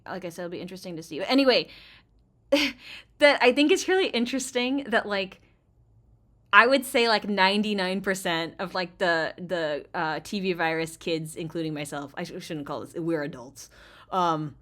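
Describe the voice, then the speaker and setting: A woman hosting a gaming channel, giving rambling, chatty let's play commentary full of fillers, swinging between loud outbursts and quiet muttering. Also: on the low side, moderate pace.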